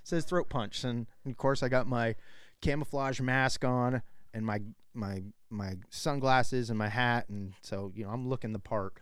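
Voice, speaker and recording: A man spins a profane, animated story in casual chat, often laughing and acting out quotes in a higher voice. His voice is smooth and resonant. The recording is dry and close. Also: unhurried, dry recording. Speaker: show co-host.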